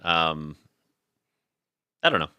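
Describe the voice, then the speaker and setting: A man's voice: a bass voice, big pitch swings, slow, pushed and bright, smooth, no room sound. A man streaming a card game match, chatting casually, thinking aloud and laughing often. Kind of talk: casual gaming chat.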